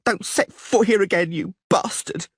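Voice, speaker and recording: A man voicing a furious blonde woman who screams slow, drawn-out insults in an audiobook. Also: high voice, creaky, slightly rough, no room sound, clean studio sound, pitched above the performer's own voice, full character voice. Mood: screaming furious. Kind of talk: audiobook character voice.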